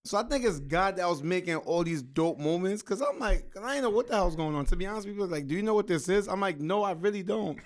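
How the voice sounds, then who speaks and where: A man guest on a podcast, telling stories in a relaxed, slangy, casual way. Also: high-pitched, fast. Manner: laid-back, slangy storytelling. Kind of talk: casual storytelling chat.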